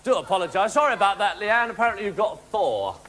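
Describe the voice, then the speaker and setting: A man's voice: high-pitched, big pitch swings, fast. A man hosting a family game show, chatty, teasing and upbeat with young contestants. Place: TV studio with live audience. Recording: 1980s TV studio with loud audience and noise.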